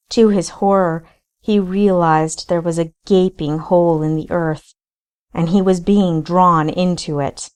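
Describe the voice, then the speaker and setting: A woman, the author, reading her own novel aloud in deliberate audiobook narration. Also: lowish voice.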